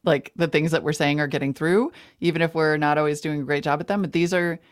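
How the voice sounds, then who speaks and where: A woman co-hosting a podcast in casual, chatty talk, animated and quick to laugh. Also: deep voice, no room sound, clean studio sound. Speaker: podcast co-host. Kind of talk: casual chat.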